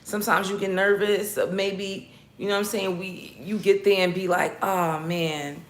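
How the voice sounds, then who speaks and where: In a roomy, echoey room, a woman hosts a casual battle rap livestream, bantering with her viewers bluntly, profanely, and playfully. She speaks at normal speed in a mid-range voice with little pitch movement.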